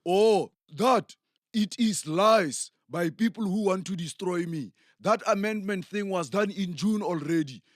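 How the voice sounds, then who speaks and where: A man playing a petulant self-absorbed south african politician, high voice, slow, dry sound. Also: dry recording. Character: childish self-absorbed male youth politician.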